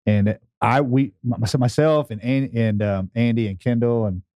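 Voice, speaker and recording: A man's voice: medium pitch, moderate pace, mellow, dry recording. A man co-hosting a podcast, telling rambling stories in casual chat with repeated words. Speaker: podcast co-host.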